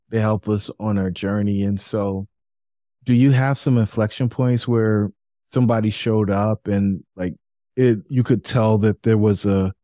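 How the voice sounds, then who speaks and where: Low, mellow-voiced male host. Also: dry recording, clean studio sound. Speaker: podcast host. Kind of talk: interview questions.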